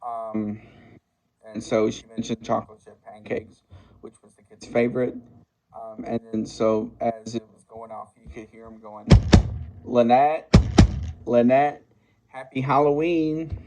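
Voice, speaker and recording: A man in his sixties casually recapping a movie plot, halting often with fillers and restarts. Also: on the low side, level tone, a crowd in the background, rough recording. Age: 60s. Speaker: movie reviewer.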